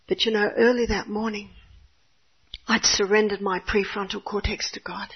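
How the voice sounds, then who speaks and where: An older woman, a homeschooling mother, gives an expressive faith testimony about her son. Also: medium pitch, moderate pace, creaky, husky, muffled recording. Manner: earnest, expressive storyteller. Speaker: homeschooling mother giving a talk.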